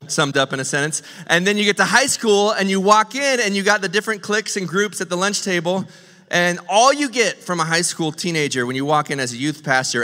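Pastor, middle-aged man, sermon, bright, fairly high voice, ringing hall. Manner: animated, joking, acts out quick impressions. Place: church stage.

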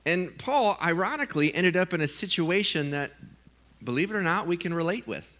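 A man preaching a sermon, telling a funny story with lively, animated delivery and acted-out voices. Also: sits high, fairly quick. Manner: animated storytelling, acts out his own scared voice. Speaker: pastor.

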